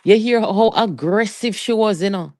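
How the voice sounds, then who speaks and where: A livestreamer with a Jamaican accent giving a heated, animated political rant, mixing Patois with English and talking straight to viewers. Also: mid-range voice, normal speed, dry recording, clean studio sound. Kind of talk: live political commentary rant.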